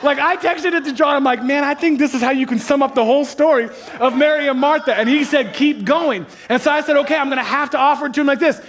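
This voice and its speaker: A man preaching a sermon to a church congregation, energetic and repeating phrases for emphasis, sometimes rising to near-shouts. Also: very high-pitched, fast, few pauses. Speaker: pastor. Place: church auditorium before a congregation.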